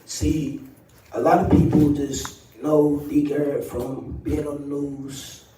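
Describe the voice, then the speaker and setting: A man giving an emotional public testimony, soft-spoken and halting, with many pauses and ums. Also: a little high, little pitch movement. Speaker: activist and co-founder of a group. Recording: distant, roomy livestream audio with faint noise.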